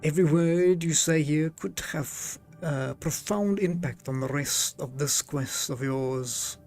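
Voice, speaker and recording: Giggly man reading game text slowly. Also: a little high, a little mellow, soft background music. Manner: chatty and giggly, laughs often. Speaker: game streamer. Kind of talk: live game stream, reading game text aloud.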